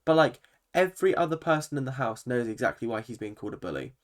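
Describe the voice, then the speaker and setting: A man's voice: medium pitch, fast talker. A man, a vlogger giving an opinionated, swear-laden recap of a reality TV episode. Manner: animated, opinionated, swears freely. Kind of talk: ranting reaction commentary.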